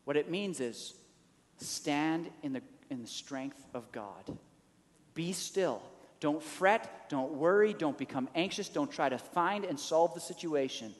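A man preaching a sermon in an animated way, acting out the quoted lines with a rising voice. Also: fairly high pitch, slow pace, in a large hall. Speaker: pastor.

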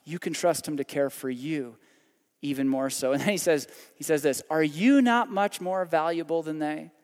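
A man's voice: a little high, moderate pace, long reverb tail. A man from Canada preaching a sermon in a conversational way, with frequent asides and rhetorical questions. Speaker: pastor.

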